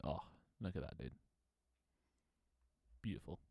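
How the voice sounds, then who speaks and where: Deep-voiced young man, rambling stream chat. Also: expressive, unhurried, warm tone, dry recording. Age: 20s. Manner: rambling, self-mocking, laughs often, swears casually. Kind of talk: casual live-stream chat. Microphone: desk microphone.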